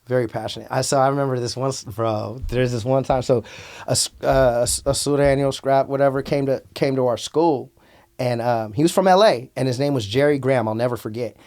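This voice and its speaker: A man telling stories as a podcast guest, animated and profane, calling the host "bro" a lot. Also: mid-range voice, brisk. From Antioch, California. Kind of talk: casual storytelling.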